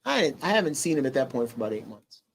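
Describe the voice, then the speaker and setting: A middle-aged man, a guest on an interview show, telling a personal story in a halting way with restarts and fillers, going quieter at the heavy parts. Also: medium pitch, very animated, creaky, slight background noise.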